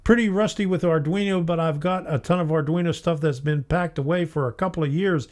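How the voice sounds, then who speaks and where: A man's voice: fairly high pitch, fairly quick, darkish tone. A middle-aged man hosting a casual hobby live stream, chatty, laughing often and reading viewer comments aloud. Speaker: host of a model train live stream.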